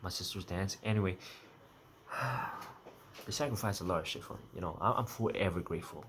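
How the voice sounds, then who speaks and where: Deep-voiced young man rambling candidly. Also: fairly quick, noisy background. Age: young adult. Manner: rambling, self-correcting, half-joking. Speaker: vlogger. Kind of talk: rambling personal monologue.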